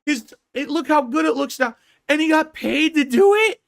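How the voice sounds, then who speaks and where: A man's voice: extremely high pitch, expressive, normal speed, vocal fry, a bit bright, voice pushed up, full character voice. A man voicing a whiny, mocked internet hater in a sarcastic, squealing tone. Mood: mocking whine.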